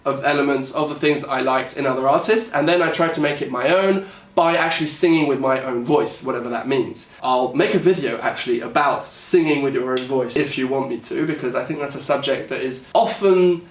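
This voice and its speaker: A man with a British accent talking casually about how he interprets a song, thinking aloud with lots of fillers and pauses. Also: mid-range voice, far from the mic. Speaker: singer and music YouTuber. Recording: echoey room, voice a bit off-mic.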